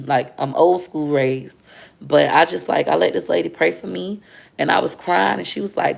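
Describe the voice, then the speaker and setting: This livestream host, a woman in her thirties, speaks earnestly to her viewers and reads their comments aloud in a relaxed, heartfelt chat. She has a gravelly, lowish voice with fairly even intonation and a moderate pace.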